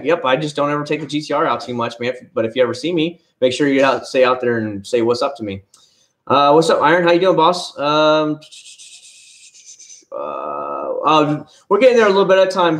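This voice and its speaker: A middle-aged man casually chatting on a live stream, rambling from story to story, greeting viewers by name and swearing freely. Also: on the high side. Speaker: car vlogger reading live chat.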